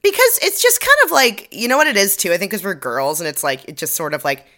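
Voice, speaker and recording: A woman's voice: medium pitch, wildly swooping pitch, fast talker, bright, forceful tone. A young woman co-hosting a podcast, recapping an episode in casual chat, laughing often and joking at her own expense. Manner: chatty, laughs often, self-deprecating. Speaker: podcast co-host.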